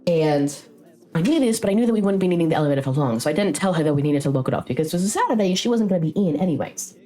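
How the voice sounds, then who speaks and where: A young woman with a notably low voice chats casually on stream, rambling through a story and dropping curses along the way. Faint music plays quietly behind her. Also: rapid-fire. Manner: rambling, frequent swearing, lively retelling.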